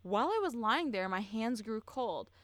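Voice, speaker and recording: A woman's voice: on the high side, expressive, moderate pace, no echo. A woman co-hosting a podcast, telling a true-crime story in blunt, profane, casual chat full of fillers.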